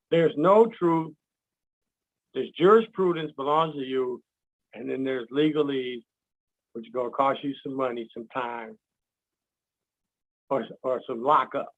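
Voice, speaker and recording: A man with a high, gravelly voice talks in a loose, teaching way. He acts out little quotes and laughs at his own jokes, on a dull, lo-fi recording. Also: fairly bright tone. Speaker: guest speaker. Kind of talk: casual teaching talk. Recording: dull lo-fi sound.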